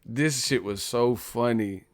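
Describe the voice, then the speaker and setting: A man's voice: medium pitch, takes it slowly, background noise. Profane, joking male streamer. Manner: profane, joking, laughs often. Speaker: boxing streamer. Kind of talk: casual live-stream chat.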